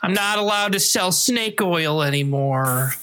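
Jokey man, bright voice, comedy sketch. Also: sits high, expressive, unhurried, a little hiss or hum. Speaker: comedy podcast host.

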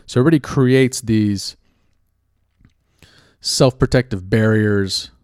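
A man with a lowish voice talks through an idea in casual commentary, weighing his words and rephrasing as he goes. The sound is dry and close, with no room behind it. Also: a little mellow, clear, resonant tone, dry recording. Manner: reflective, measured, often rephrasing himself.

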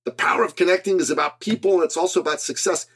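A man's voice: sits high, very fast, a bit bright, husky. A man hosting a podcast, delivering an earnest, emphatic, scripted motivational monologue. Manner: earnest and emphatic, with a preacher-like build. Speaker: podcast host.

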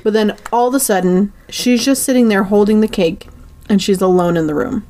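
A woman's voice: mid-range voice, brisk, warm tone. A woman co-hosting a casual podcast, recounting a film's scenes in a chatty way with many filler words. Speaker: podcast co-host. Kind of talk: casual movie recap chat.

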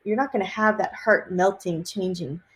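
Animated woman telling stories as a guest. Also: medium pitch, moderate pace. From Austin, Texas. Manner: animated storyteller, laughs often, many fillers. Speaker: psychic medium guest. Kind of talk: casual interview chat.

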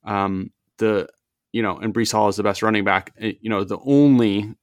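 A man hosting a casual sports podcast, chatty and opinionated with quick asides. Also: fairly low pitch, steady tone, no echo, studio quality.

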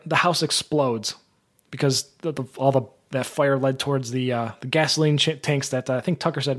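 A man's voice: fairly high pitch, fairly quick. A man hosting a casual live podcast, recapping a film in a rambling, chatty way that is full of restarts. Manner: rambling, self-correcting, chatty. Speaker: podcast host.

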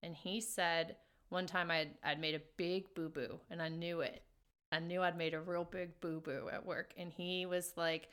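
A woman co-hosting a podcast in casual chat, soft-spoken and rambling, with frequent restarts and filler words. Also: fairly low pitch, little pitch movement, normal speed, smooth. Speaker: podcast co-host.

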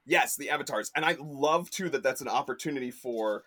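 A man's voice: medium pitch, brisk, fairly bright tone. A man chatting as a podcast guest, rambling with lots of fillers and restarts. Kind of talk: casual chat.

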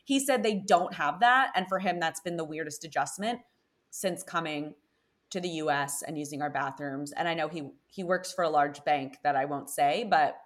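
A young woman from Connecticut hosting a podcast, telling dating stories in an animated, chatty way full of "like". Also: sits low, moderate pace. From Connecticut, USA. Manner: chatty, animated storytelling with frequent "like". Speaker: podcast host. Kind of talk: casual chat.

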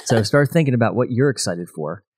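A man hosting a podcast in casual chat, relaxed and saying "you know" often. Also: mid-range voice, fairly quick, slightly rough, no room sound. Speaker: podcast host.

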